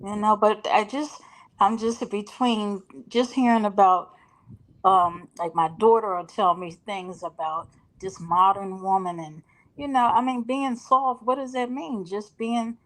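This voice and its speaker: A woman's voice: mid-range voice, a little slow, rough recording. A middle-aged woman, a caller on a live chat, talking things through in a polite, chatty way. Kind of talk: casual chat.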